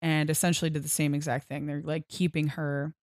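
A woman's voice: low-pitched, flat delivery, fairly quick, darkish tone, no echo, clean studio sound. A woman co-hosting a casual comic book podcast, swearing freely and acting out the characters' lines. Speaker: podcast co-host.

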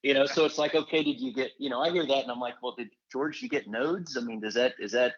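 A man co-hosting an interview, asking questions in a rambling, halting way. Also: mid-range voice, lo-fi sound, slight background noise. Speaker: co-host. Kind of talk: casual interview talk.

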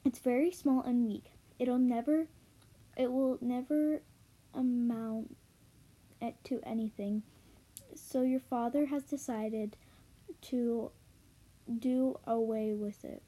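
A woman's voice: a little high, steady tone, mellow. A woman reading a firm farm mother. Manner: plain, halting read-aloud delivery.

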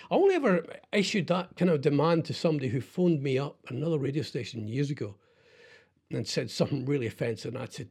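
A middle-aged man hosting a radio show, rambling in casual chat with lots of halting restarts and self-deprecating asides. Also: medium pitch, lively intonation, a little mellow, husky. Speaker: radio host.

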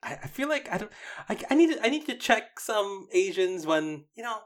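A man's voice: high voice, moderate pace. Casual podcast co-host, a man who talks animatedly and stumbles over restarts. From United States. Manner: animated, stumbling restarts, mocking quoted voices. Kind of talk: casual chat.

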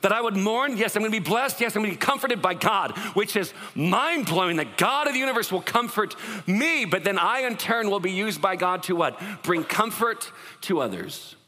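A man preaching a sermon as pastor, in an animated, conversational way, acting out what people say. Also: high voice, moderate pace, long reverb tail.

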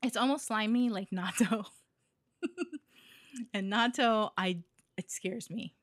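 A woman's voice: mid-range voice, slow pace, no room sound, clean studio sound. A woman from Hawaii co-hosting a podcast in a casual, giggly chat full of fillers. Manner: chatty, giggly, with many fillers. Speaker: podcast co-host.

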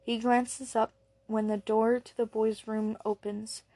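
A woman narrates an audiobook with a measured, low-key delivery. Her pitch stays level and flat throughout, and the recording is close and dry with no room sound. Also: no room sound.

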